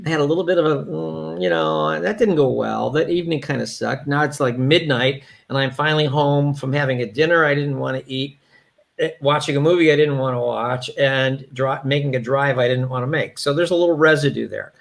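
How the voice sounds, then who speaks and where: A man's voice: mid-range voice, brisk, creaky. A man, a yoga therapist, chatting candidly as an interview guest with many restarts. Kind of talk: casual conversational interview.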